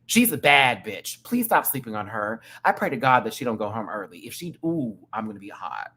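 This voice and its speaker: A man reviewing a reality show in an excited, casual rant, full of slang and profanity, jumping between loud outbursts and low asides. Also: a little fast. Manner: playful drag slang, profanity.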